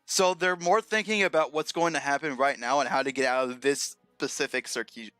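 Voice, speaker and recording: A man's voice: a little high, fairly even intonation, fairly quick, a bit bright, smooth, no echo, faint music behind. A young man chatting casually on his writing livestream, laid-back and often laughing at himself. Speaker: streamer and writer.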